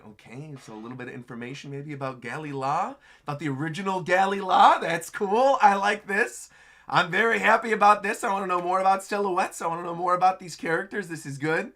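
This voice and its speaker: A man's voice: sits high, brisk, pushed and bright. A man hosting a live reaction stream, chatting with enthusiasm and laughing often as he reads through a comic chapter. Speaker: livestream host reacting to manga chapters.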